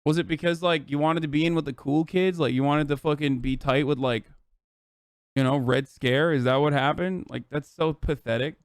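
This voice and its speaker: A man's voice: on the high side, steady tone, moderate pace, clear, resonant tone, no room sound. Heated, profane man ranting on stream. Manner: heated, profane, exasperated rant. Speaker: livestreamer. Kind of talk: ranting political commentary on stream.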